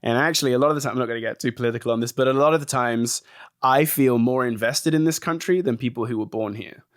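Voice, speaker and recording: A man from England, a guest actor telling stories in a casual podcast interview, chatty and animated. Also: mid-range voice, quick pace, no room sound, clean studio sound. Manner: chatty, animated storytelling with acted quotes.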